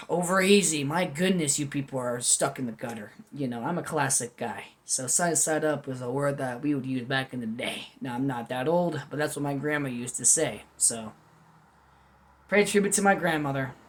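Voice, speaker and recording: A man's voice: medium pitch, normal speed. Rambling, candid young man vlogging. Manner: rambling, candid, self-deprecating, goofy asides. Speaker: food review vlogger. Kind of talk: unscripted casual commentary. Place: at home.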